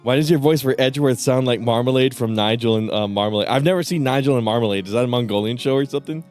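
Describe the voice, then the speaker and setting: A man's voice: mid-range voice, quick pace, a little mellow, faint music behind. A man streaming a game live, chatting casually with profane, laughing asides. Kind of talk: casual live gaming commentary.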